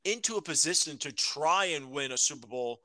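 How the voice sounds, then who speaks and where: A man's voice: fairly high pitch, expressive, pushed and bright, no room sound. A man co-hosting a podcast, debating sports casually and often restarting his sentences as he thinks. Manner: halting, repeats his words while thinking. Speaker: podcast co-host.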